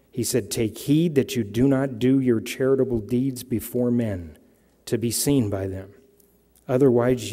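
Male pastor, measured sermon delivery, dark mellow tone, long hall reverb. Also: mid-range voice. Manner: slow, measured preaching, reading scripture aloud.

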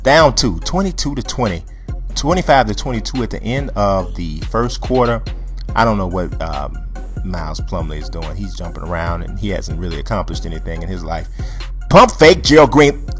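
Animated man calling a video game. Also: fairly low pitch, moderate pace, faint music behind. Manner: animated, joking, trash-talking the players. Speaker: gameplay commentator. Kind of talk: casual play-by-play commentary over a video game.

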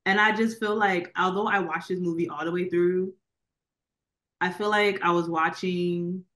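On the low side but fairly bright in tone, this woman co-hosts a podcast and chats casually about a movie she reviewed. She rambles, using plenty of filler words.

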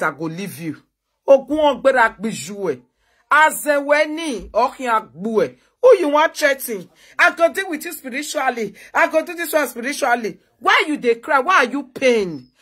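A woman with a Nigerian accent delivers a heated rant on a phone live video, her voice husky and worn. She taunts and mocks her rival with a needling, scornful tone. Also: a little high, fairly bright tone. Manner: taunting and mocking. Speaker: social media personality.

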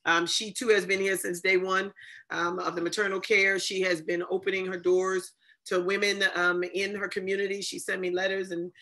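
A woman's voice: medium pitch, flat delivery, normal speed, bright, forceful tone. A woman hosting an online ceremony, effusive and full of thanks, with many fillers. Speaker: ceremony host. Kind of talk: emotional ceremony hosting on a video call.

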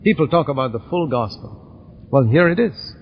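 A man with a fairly high voice teaches a Bible lesson, explaining each point in a measured way with homely illustrations. The recording sounds a little dull and carries a faint background hiss. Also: lively intonation.

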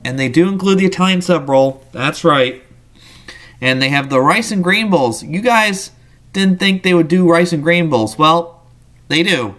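A man's voice: a little high, animated, measured pace, a bit bright. Man reading out a menu. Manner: reads menu items aloud in lists, with asides and small slips. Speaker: menu reviewer. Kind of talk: casual menu walkthrough.

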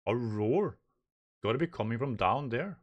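On a muffled recording, a man with a medium-pitched, expressive voice hosts a manga reaction at a normal pace. He reads the dialogue aloud in lightly raised voices and comments on it, often stumbling and repeating words along the way.

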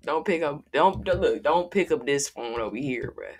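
A man's voice: a little high, expressive, normal speed, breathy edge. A man hosting a music reaction video, talking casually in a slangy, laid-back way. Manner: slangy, laid-back, peppers talk with "bro" and "gang".

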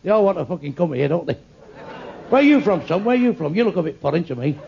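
A man's voice: fairly high pitch, very animated, quick pace, vocal fry, noisy background. A man from England doing live stand-up, swearing crudely and insulting people in the audience. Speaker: stand-up comedian. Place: comedy club before a live audience. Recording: dull echoey live club recording with crowd laughter.

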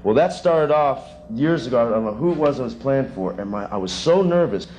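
A man in his thirties, a session drummer, answering students' questions in a rambling, animated way with chuckles, in a music school classroom. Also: medium pitch, a little fast, a little hiss or hum. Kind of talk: casual Q&A with students.

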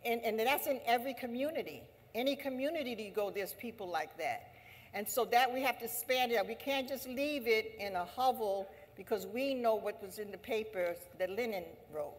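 A woman labor leader giving an impassioned assembly speech, emphatic and repetitive, rising to forceful exhortation. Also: on the high side, normal speed. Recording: long hall reverb.

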